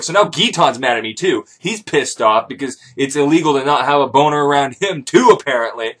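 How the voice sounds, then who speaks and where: Animated, profane male comic storyteller. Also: a little high, brisk, few pauses, breathy edge. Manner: animated, profane, rambling jokes. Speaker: comedic storyteller. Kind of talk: comic first-person retelling of a myth.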